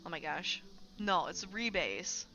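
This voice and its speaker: A woman streamer talking bluntly and casually to her chat, swearing now and then. Her voice is bright and a little forceful. The sound is somewhat dull and lo-fi, with faint music running underneath. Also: fairly low pitch, lively intonation, slow. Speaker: streamer host. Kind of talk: casual livestream commentary.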